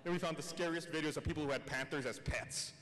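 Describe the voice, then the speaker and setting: A man's voice: on the high side, quick pace, a bit bright. A man on a convention panel, speaking casually with dry, wry humor. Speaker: panelist, longtime company regular. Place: large convention hall. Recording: echoey convention hall.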